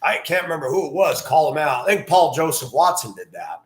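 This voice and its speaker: A man ranting crudely in a monologue, breaking into loud outbursts and mocking voices. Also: fairly high pitch, big pitch swings, fairly quick, reverberant. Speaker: host.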